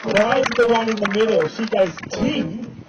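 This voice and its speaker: High-voiced Australian horse trainer joking. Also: male voice, normal speed, heavy background noise. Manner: joking, chatty showman. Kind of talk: live arena demonstration with commentary. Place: outdoor arena at a race track. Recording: lo-fi with loud outdoor ambience.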